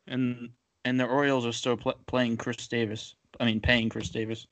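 A man co-hosting a podcast, chatting casually and making quick joking asides. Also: medium pitch, level tone, a bit bright. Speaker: podcast co-host. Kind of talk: casual chat.

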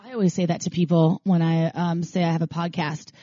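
A woman co-hosting a podcast in relaxed, easygoing casual talk. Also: fairly low pitch, a little fast, breathy edge, no echo, lo-fi sound. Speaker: podcast co-host.

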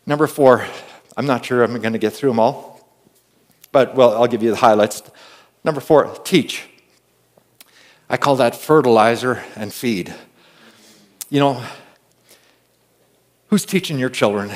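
A man preaching a conversational sermon. He moves between hushed asides and loud, emphatic calls, often adding an amen and repeating words as he tells stories. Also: mid-range voice. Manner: repeats and restarts words while storytelling. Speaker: pastor.

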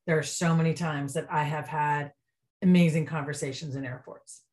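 A woman's voice: low voice, fairly even intonation, moderate pace, a little mellow. A woman guest on an interview podcast, a restaurant consultant, talking earnestly and with enthusiasm in casual chat.

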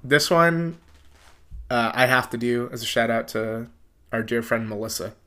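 A man co-hosting a podcast in casual chat, animated, laughing often and quoting movie lines. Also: medium pitch, unhurried. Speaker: podcast co-host.

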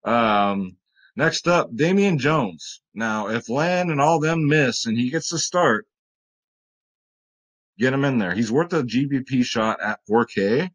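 A man's voice: mid-range voice, animated, slow pace, a bit bright. A man casually talking through fantasy basketball picks in a rambling, joking way, often addressing viewers as guys. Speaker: fantasy sports vlogger. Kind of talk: casual sports betting picks talk.

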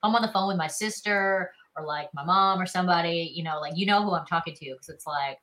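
Bright-voiced Southern woman, chatty. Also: lowish voice, fairly quick, rough recording. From South Carolina. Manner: chatty, frequent fillers like "you know" and "like". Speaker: actress guest. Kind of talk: casual interview chat.

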